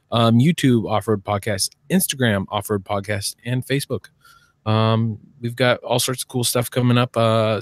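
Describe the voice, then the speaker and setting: Man, podcast co-host, relaxed, dry sound, mid-pitched. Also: dry recording. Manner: relaxed, plugs his own show. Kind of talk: casual chat.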